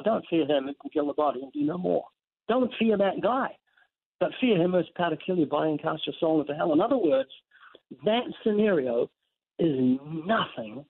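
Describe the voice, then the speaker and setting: A man guesting on an interview show, preaching earnestly and telling vivid stories laced with scripture quotes. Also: on the high side. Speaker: guest author. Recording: tinny phone line.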